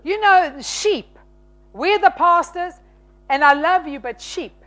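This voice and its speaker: A woman preaching a sermon, from South Africa, telling stories in an animated, emphatic way. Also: extremely high pitch, slow pace. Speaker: pastor's wife and church leader.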